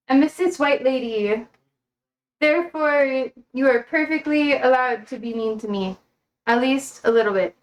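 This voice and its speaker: A young woman with a high, light voice chats loosely on her livestream. She rambles and is blunt, dropping swear words as she goes. She is feeling unwell while she talks. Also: animated, normal speed. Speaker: livestream host. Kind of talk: casual livestream chat.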